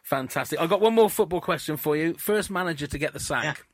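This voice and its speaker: A man hosting a casual interview, running a quiz in an upbeat, brisk way. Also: fairly high pitch, no echo, clean studio sound. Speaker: host.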